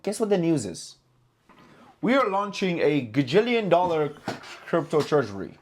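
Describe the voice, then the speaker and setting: A man hosting a casual trading recap vlog, talking in an animated, profane way and repeating himself for emphasis. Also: fairly high pitch, normal speed. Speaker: trading channel host.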